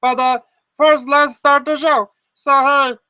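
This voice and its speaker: High, bright silly woman host. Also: flat delivery, takes it slowly, dry recording. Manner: silly, rambling, giggly. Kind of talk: playful comedic online talk show.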